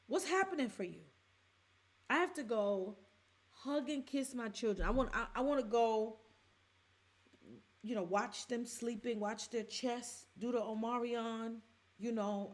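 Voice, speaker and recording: A woman from the Bronx in her forties, hosting a reaction show and talking to her listeners in a heartfelt, halting way. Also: fairly high pitch. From the Bronx, New York. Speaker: podcast host. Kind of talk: emotional reaction chat.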